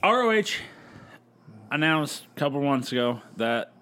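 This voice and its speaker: A man's voice: a little high, sing-song, measured pace, pushed and bright, clear, resonant tone. A man co-hosting a casual podcast chat, loose and profane, often quoting others in put-on voices. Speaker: podcast co-host.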